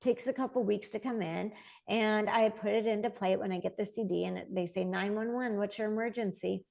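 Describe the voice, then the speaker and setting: A woman's voice: medium pitch, a little fast, vocal fry. A woman in her forties, a medium and interview guest, telling stories conversationally and acting out the voices of the people in them. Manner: animated, quotes voices as she tells stories, laughs lightly. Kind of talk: conversational storytelling.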